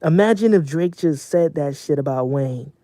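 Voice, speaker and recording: A young man streaming casually from home, venting in a profane, animated rant. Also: on the high side, moderate pace, dry recording.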